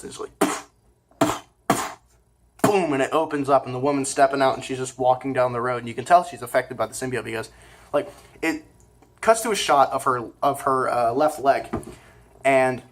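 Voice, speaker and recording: A man talks through a movie review in an offhand, casual way. He rambles, stops to correct himself, and fills gaps with hesitant fillers. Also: medium pitch. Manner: informal and offhand.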